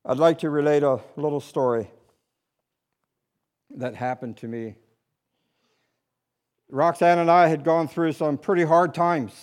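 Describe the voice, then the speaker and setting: High-voiced male pastor preaching. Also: fairly even intonation, measured pace, pauses often. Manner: swings between loud urgent appeals and hushed low asides; repetitive preaching cadence. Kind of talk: sermon.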